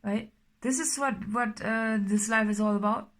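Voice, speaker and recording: A woman's voice: fairly high pitch, steady tone, moderate pace, a bit bright. A woman doing a casual tarot reading, talking in a rambling way with many fillers and sometimes dropping to a whisper. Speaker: tarot reader.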